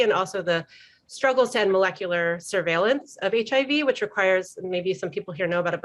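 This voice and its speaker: A woman speaking on a video-call panel discussion, fast and rambling with many fillers. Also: lowish voice. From New York. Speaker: panelist, organizer.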